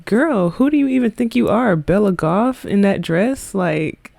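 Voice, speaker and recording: Woman playing a quick-tongued teenage girl, sassy and raised. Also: medium pitch, expressive, creaky, a little mellow, dry recording.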